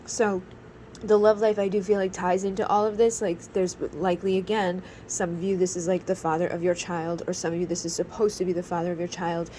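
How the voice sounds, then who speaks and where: A woman's voice: lowish voice, little pitch movement, fairly quick, dark tone, slight background noise, low-quality recording. A woman in her thirties giving a casual tarot reading, rambling with lots of fillers. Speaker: tarot reader.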